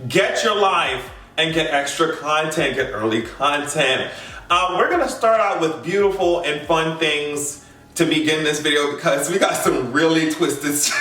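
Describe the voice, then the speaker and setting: A bright, high-voiced man riffs through celebrity gossip with sassy asides, often breaking into laughter. He sits some way from the mic, and the room lends a hollow echo. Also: recorded from a distance. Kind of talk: casual pop-culture commentary.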